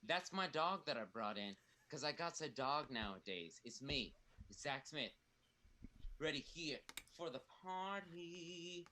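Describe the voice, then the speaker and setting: A man playing a loud, swaggering bro who rambles through stories with lots of "uh"s, in a comedic character monologue. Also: fairly high pitch, lively intonation, slow, a little hiss or hum, heavily acted. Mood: brash. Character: brash loud bro character, Zach Smith. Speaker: performer in a comedy play reading.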